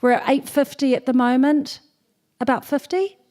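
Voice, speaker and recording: A New Zealand woman poet telling a story and performing a poem at a festival stage, playful and animated, acting out the dialogue. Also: high-pitched, moderate pace. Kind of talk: live storytelling and poetry performance. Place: festival stage before an audience.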